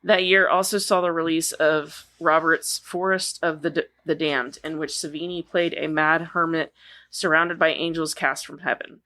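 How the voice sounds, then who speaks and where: A woman's voice: sits low, steady tone, moderate pace, bright, forceful tone. A woman co-hosting a casual film podcast, reading a profile aloud and now and then stumbling over words before correcting herself. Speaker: podcast co-host.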